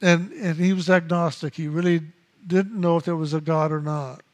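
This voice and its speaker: A man giving a spiritual meditation teaching, speaking slowly and in a measured way and repeating key phrases. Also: on the high side, fairly even intonation.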